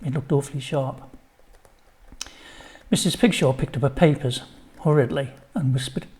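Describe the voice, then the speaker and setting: A man's voice: mid-range voice, normal speed, darkish tone. An older man reading his own children's story, chatty, with asides to the listener.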